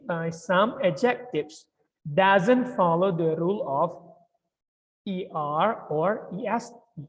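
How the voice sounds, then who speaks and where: A woman's voice: lowish voice, takes it slowly. A woman with an Indonesian accent teaching English grammar in class, explaining patiently and repeating herself with Indonesian fillers. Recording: dull lo-fi recording in a reverberant room.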